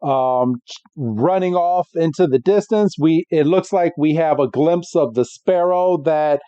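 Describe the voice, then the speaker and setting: A man's voice: a little high, dark tone, clear, resonant tone, no echo. A man co-hosting a podcast, chatting casually and describing a preview he is watching for the first time. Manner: slow, laughs easily, narrates while watching. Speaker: podcast co-host. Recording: dull, dry lo-fi mic.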